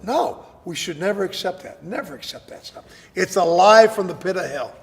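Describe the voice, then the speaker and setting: A man being interviewed as an actor guest, telling animated stories and often repeating words as he starts a sentence. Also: high voice, normal speed, vocal fry, in a large hall. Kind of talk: casual interview chat.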